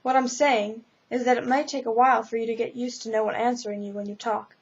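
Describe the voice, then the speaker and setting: Reading in storybook fashion, a woman gives voice to an older spirit who briskly and plainly guides a newcomer. Her voice sits on the high side with fairly even intonation and a breathy edge, recorded in slightly dull lo-fi.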